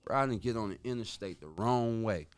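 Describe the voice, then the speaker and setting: A man telling a story on a podcast in casual street slang, dropping in sound effects like woo and boom. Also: brisk, background noise. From Chicago. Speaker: podcast guest.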